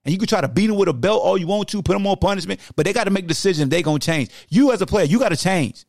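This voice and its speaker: A man in his forties rants about his team on a sports podcast, loud and slangy, bickering with his own alter ego. His voice sits high for a man. The sound is dry and close, with no room around it. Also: animated, racing, no room sound. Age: 40s. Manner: loud, slangy and ranting, arguing with himself. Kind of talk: heated sports rant in an alter-ego persona.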